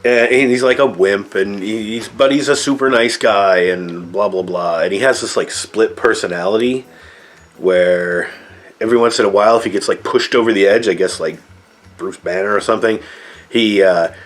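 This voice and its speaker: Middle-aged man, lowish voice, rambling, sarcastic, swears, casual review. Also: normal speed. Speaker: movie reviewer. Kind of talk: casual spoken movie review.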